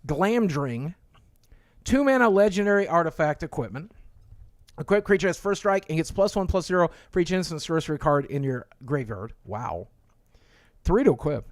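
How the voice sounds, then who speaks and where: A man's voice: fairly high pitch, lively intonation, normal speed, no room sound, studio quality. A man casually reviewing trading cards on a live stream, reading card text aloud with chatty asides and thanking viewers.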